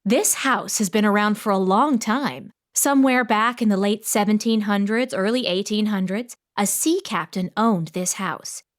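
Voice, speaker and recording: A woman's voice: mid-range voice, moderate pace, few pauses, natural voice. A woman voicing a theatrical, gossipy small-town woman in an audiobook, coy and fond of drama. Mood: gossipy, dramatic. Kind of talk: audiobook character voice.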